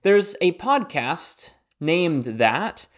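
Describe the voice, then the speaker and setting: A man's voice: a little high, very slow. Casual young man teaching Bible study. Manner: relaxed and conversational, with frequent fillers and restarts. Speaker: Bible teacher and podcast host. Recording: slightly dull lo-fi audio.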